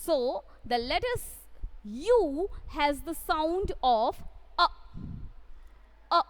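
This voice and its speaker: A woman teaching a kindergarten phonics lesson, with a Bengali accent, repeating letter sounds slowly for young children. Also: very high-pitched, big pitch swings, a bit bright. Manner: mixes English with Bengali.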